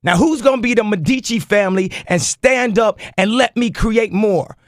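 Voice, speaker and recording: A man's voice: high-pitched, moderate pace, no room sound, studio quality. A man in a radio interview, talking insistently and boastfully, repeating his point over and over. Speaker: interview guest.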